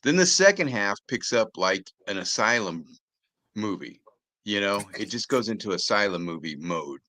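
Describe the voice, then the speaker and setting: Low, bright-toned laid-back man. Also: expressive, moderate pace. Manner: laid-back, blunt, rambling. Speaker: podcast co-host. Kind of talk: casual movie review chat.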